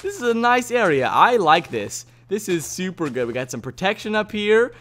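A man hosting a gaming video, joking playfully through his game and swinging between loud yelps and quiet asides. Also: sits high, very animated, moderate pace. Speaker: gaming channel host. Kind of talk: Let's Play commentary.

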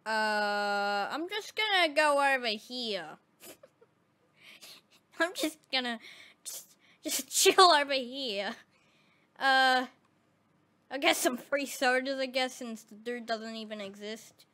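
A woman giving casual, excitable commentary over her gameplay, often exclaiming and laughing. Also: high-pitched, takes it slowly, pauses often. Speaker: gaming channel host.

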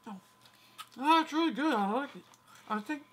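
A man reacting to snacks in a casual tasting chat, giggly and quick with short enthusiastic comments. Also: extremely high pitch, animated, a bit bright. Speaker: co-host.

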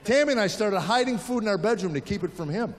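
A man in his fifties performing a stand-up comedy routine, telling animated stories and acting out the people in them. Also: high voice, quick pace. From United States. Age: 50s. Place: stage in a large venue. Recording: live show in a big hall, audience and room noise behind. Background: audience laughing and applauding.

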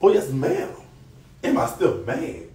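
A man rants and taunts on a live stream in a loud, profane voice. His pitch sits a little high and leaps around constantly. The room gives the voice a strong echo. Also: huge pitch swings, unhurried, distant mic. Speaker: social media personality.

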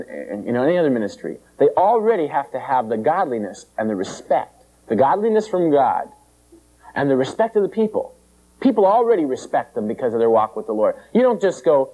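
A male preacher giving a conversational, animated sermon and acting out the characters in the story. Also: medium pitch, fairly quick, muffled recording.

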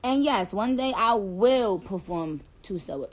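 Woman host, casual livestream chat into a phone, unhurried and very expressive. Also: medium pitch. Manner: playful, chatty, drops into Spanish phrases. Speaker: livestream host reading viewer comments.

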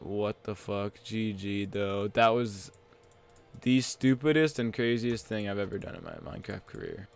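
A young man talks over his own gameplay on a headset mic, excitable and quick to curse. His voice is smooth and clear at an everyday pitch. He breaks into loud, disbelieving exclamations. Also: dry recording. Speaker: gaming channel host. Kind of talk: Let's Play commentary.

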